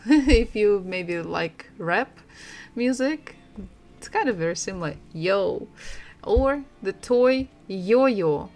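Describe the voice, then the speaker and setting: A woman teaching a language lesson, repeating sounds slowly and laughing often. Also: medium pitch, expressive, a little mellow, faint music behind. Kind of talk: slow, patient language lesson.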